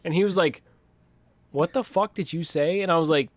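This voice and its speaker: A young man with a Western Pennsylvania accent, talking in a slightly higher register, swearing freely and jumping into quoted voices as he tells stories. The sound is dry and close, with no room around it. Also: normal speed, no room sound. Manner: profane, animated storytelling, acts out quoted voices. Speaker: podcast co-host. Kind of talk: casual chat.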